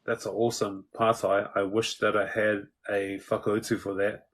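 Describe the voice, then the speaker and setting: A man's voice: lowish voice, level tone, normal speed. A New man chatting casually as a guest, laughing often and quoting film lines. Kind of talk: casual chat.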